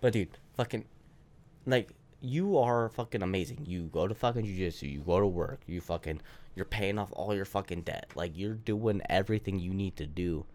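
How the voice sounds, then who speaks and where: A man's voice: deep voice, a little mellow. A man co-hosting a casual podcast, rambling with lots of swearing and filler words. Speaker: podcast co-host.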